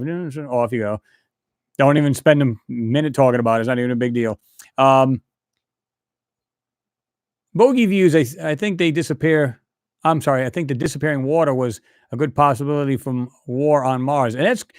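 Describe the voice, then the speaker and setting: A man's voice: mid-range voice, dry recording. Man, live-stream host, rambling casual chat, dry close sound. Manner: rambling, chatty, reads viewer comments aloud.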